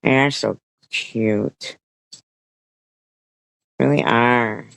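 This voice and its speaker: A woman's voice: extremely low pitch, fairly even intonation, drawn-out words, vocal fry, no echo. A woman streamer giving a rambling, profane commentary rant, with many restarts and quoted voices.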